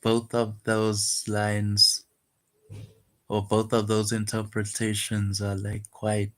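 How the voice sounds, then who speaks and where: A man's voice: on the low side, completely flat delivery, slow. A man talking casually and hesitantly about his own poem, full of fillers and restarts. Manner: soft-spoken, wistful, guarded. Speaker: poet vlogger. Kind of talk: casual reflective monologue.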